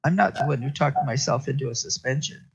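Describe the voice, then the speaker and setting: A laid-back, wisecracking male detective with a teasing, dry manner, read by a man in his own voice. The tone is gravelly and a little husky, and the recording sounds dull and lo-fi. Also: mid-range voice, brisk.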